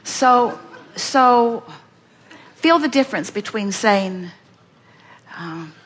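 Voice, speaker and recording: A woman gives inspirational teaching at a live question-and-answer seminar, speaking at a middling pitch. She talks emphatically, repeats her points and acts out the thoughts she quotes. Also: animated, moderate pace.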